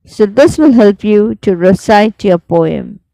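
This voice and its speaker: A woman teaching a poetry recitation lesson, reading lines slowly and carefully with rhythm. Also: medium pitch, expressive, creaky, mellow, dry recording, poor audio.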